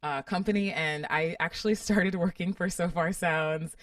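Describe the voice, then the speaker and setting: A woman's voice: fairly low pitch, steady tone, moderate pace, a bit bright, no echo, far from the mic. A woman co-hosting a podcast in casual chat, upbeat and teasing. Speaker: podcast co-host. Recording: dry, a bit off-mic.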